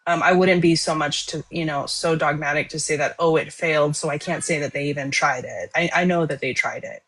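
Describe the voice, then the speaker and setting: A woman's voice: low voice, steady tone, fairly quick, fairly bright tone, slightly rough. A woman in a casual online political discussion, explaining her views in a self-assured way. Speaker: debate participant.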